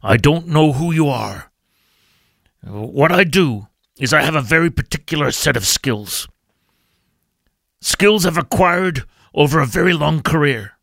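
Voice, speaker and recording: A man putting on an impression of a calm, menacing male action-film hero, speaking slowly and deliberately. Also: a little high, gravelly, no echo, clean studio sound, full character voice. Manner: slow, deliberate threatening delivery.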